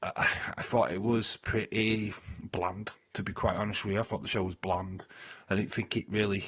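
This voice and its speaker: A man with a low, husky voice chats bluntly with his viewers during a live watch-along stream. He swears freely and laughs at his own jokes. The sound is dull and lo-fi. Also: flat delivery, moderate pace. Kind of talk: casual live-stream chat reading viewers' comments.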